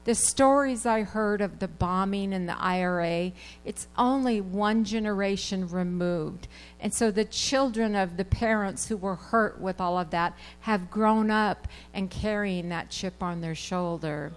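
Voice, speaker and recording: A woman's voice: medium pitch, a little slow, smooth, rough recording. A woman in a church service giving an earnest, conversational testimony about a trip abroad. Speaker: church member giving a report.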